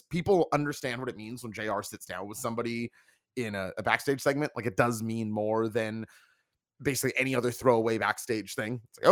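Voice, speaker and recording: A man's voice: medium pitch, dry recording, studio quality. A man hosting a wrestling review podcast, talkative and joking in casual chat. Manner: talkative, joking, plugs the channel.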